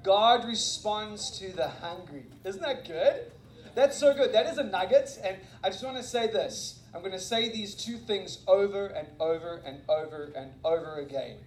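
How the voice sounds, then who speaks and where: A man preaching as a guest speaker and missionary, telling stories in an animated, self-mocking way. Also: high-pitched, moderate pace. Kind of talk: energetic sermon with storytelling. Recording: echoey room.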